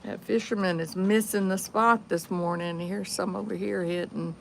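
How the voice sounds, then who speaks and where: A woman chatting casually to viewers in an unhurried way while filming a morning vlog outdoors by the water. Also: medium pitch, steady tone, gravelly, a little hiss or hum. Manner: chatty, unhurried, talks to viewers and to her dog. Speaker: vlogger.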